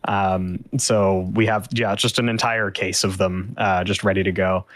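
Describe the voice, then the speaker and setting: A man's voice: low voice, flat delivery, a little slow, no room sound. A man co-hosting a podcast from North America, talking in an easygoing way and chuckling between remarks. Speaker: podcast co-host. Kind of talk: casual chat.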